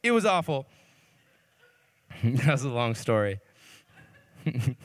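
A young man preaching a sermon through a funny story, animated and jokey, swinging between loud and hushed. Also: mid-range voice, slow. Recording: long reverb of a hall.

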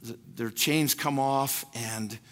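A man's voice: medium pitch, takes it slowly, fairly bright tone. A man preaching a sermon as pastor. He speaks emphatically, repeats key phrases, and acts out prayers and other people's words. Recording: long hall reverb.

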